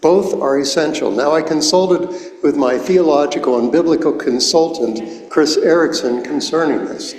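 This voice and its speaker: A man in his seventies preaching a sermon as pastor, explaining words slowly and deliberately, recorded in a church sanctuary. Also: a little high, a little mellow. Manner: slow, deliberate, explains Greek words one at a time. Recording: echoey church hall, long reverb.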